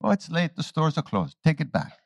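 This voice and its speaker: A man's voice: fairly high pitch, big pitch swings, brisk, creaky, no room sound, pitched above the performer's own voice, full character voice. A man voicing an old Indian holy man who pretends to be cranky and teases. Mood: teasing. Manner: teasing, feigning confusion.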